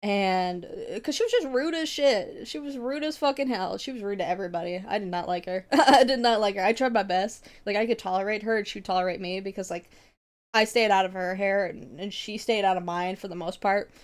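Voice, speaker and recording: Young woman, streamer, casual chat, rambling, swears a lot, laughs often, mid pitch. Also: brisk.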